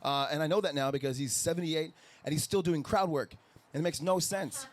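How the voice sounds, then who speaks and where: A stand-up comedian in his thirties from the Minneapolis area performs live outdoors while the audience laughs, animatedly acting out coworkers and customers in his stories. His voice is fairly high, with a little hiss or hum.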